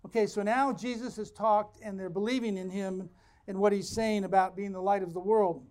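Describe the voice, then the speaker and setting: A man preaching a sermon as pastor, reading scripture and explaining it with animated asides to his congregation. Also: high voice, moderate pace.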